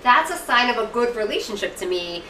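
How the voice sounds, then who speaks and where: A woman co-hosting a casual film review podcast, animated, acting out movie lines and cursing freely. Her voice is bright and sits a little high. She sounds echoey and a little distant from the mic. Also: fairly quick, a little hiss or hum. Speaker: podcast co-host.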